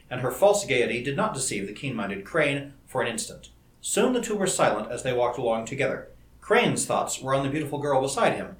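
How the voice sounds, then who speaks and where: A man reading a novel aloud in a measured, expressive storytelling manner. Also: mid-range voice. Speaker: audiobook narrator. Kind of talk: scripted narration. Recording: roomy echo.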